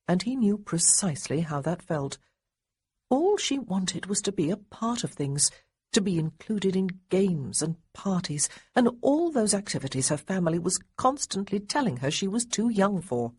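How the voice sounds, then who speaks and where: A woman narrating an audiobook in an expressive, wry storytelling manner, with a husky voice. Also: on the low side, normal speed, dry recording. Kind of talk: scripted narration.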